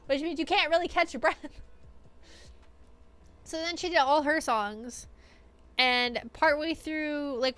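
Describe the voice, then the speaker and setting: A young adult woman streamer telling a story in casual chat, excitable, filling her talk with "like" and swinging between loud bursts and mumbled asides. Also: sits high. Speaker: streamer recapping an event.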